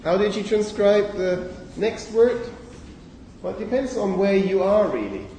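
A man's voice: high voice, lively intonation, a little slow, warm tone, slight background noise. A man giving a university phonetics lecture, explaining step by step and checking in with students with frequent "okay"s. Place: large lecture hall. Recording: echoey lecture hall from a distance.

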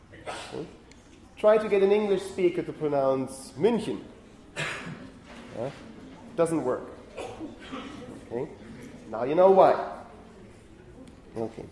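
Lively man giving a phonetics lecture. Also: fairly high pitch, slight background noise. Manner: lively, often asks the class questions. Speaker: university lecturer. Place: lecture hall. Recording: echoey lecture hall.

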